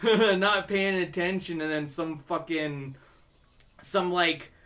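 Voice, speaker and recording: A man's voice: sits high, steady tone, takes it slowly, fairly bright tone. A man hosting a music stream who tells rambling stories in casual chat, laughing often and swearing a lot.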